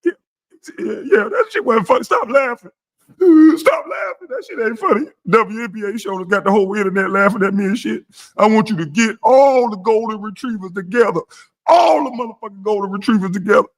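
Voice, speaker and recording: A man putting on a shrill, whimpering crybaby on the phone. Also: lively intonation, moderate pace. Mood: sobbing. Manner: high-pitched, pleading, sobbing. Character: whiny grown man crying on the phone.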